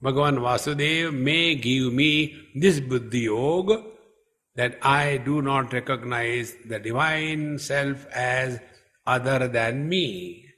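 A man giving a spiritual discourse at a retreat, speaking slowly and emphatically and chanting Sanskrit verses. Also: medium pitch, sharp tone. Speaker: spiritual teacher. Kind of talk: scriptural discourse. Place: retreat hall.

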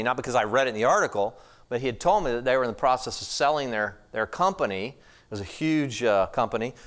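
Conversational middle-aged pastor preaching. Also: male voice, mid-range voice. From United States. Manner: storytelling, conversational and animated. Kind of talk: sermon.

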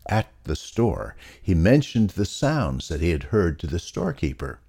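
A man reading a children's story aloud in an unhurried, expressive way. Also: sits low, creaky, breathy edge.

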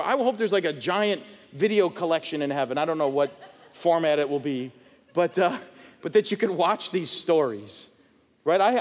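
A man preaching an expository sermon as pastor, animated and acting out voices of people in the story. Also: high voice, in a large hall. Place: church sanctuary.

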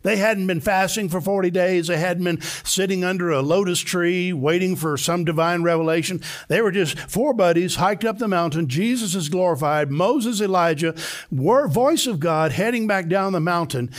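A man's voice: sits high, moderate pace. A male pastor preaching a sermon to a live congregation, telling the story emphatically and acting out the voices of the people in it. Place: church before a live congregation.

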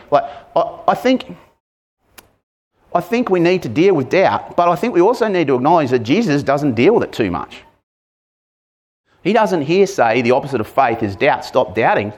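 Male preacher, casual sermon delivery, engages the congregation with questions. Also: mid-range voice. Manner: conversational, asks the congregation questions; acts out shouted lines with sudden loud bursts.

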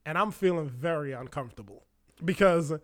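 A young man from Florida telling a personal story in a casual, animated, profane way, acting out what people said and often dropping his voice for asides. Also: fairly high pitch, a little fast.

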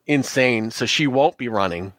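A man's voice: mid-range voice, animated, moderate pace, a bit bright, no room sound. A man running a tabletop horror game as game master, giving casual, matter-of-fact rulings.

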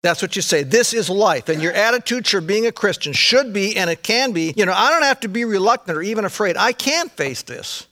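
A man's voice: sits high, lively intonation, brisk, few pauses, bright, forceful tone. A man preaching a sermon, talking conversationally and emphatically, with frequent asides to the congregation. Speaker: pastor.

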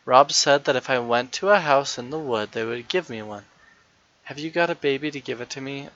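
An eager, wondering little girl, as a man reading aloud puts her on, her voice lifted higher and bright with feeling. The sound is dry and a bit dull, like a lo-fi home recording. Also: fairly quick, natural voice.

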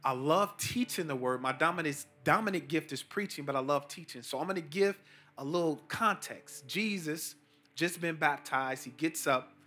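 A middle-aged pastor preaches with a fairly high voice that climbs sharply on key points. He mixes loose street slang into his sermon, and faint music plays behind him. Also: normal speed, bright, forceful tone. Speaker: pastor, team chaplain.

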